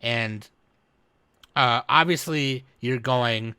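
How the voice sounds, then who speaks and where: On a podcast, a man chats casually about anime, rambling, swearing and laughing as he goes. His medium-pitched voice is slow with a sharp tone, and there's no room sound.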